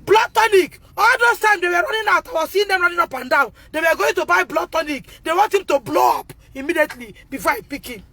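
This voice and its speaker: A Nigerian mother in a self-recorded phone video, talking in a distressed, pleading way, repeating herself and breaking into shouts. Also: extremely high pitch, animated, fast talker, few pauses.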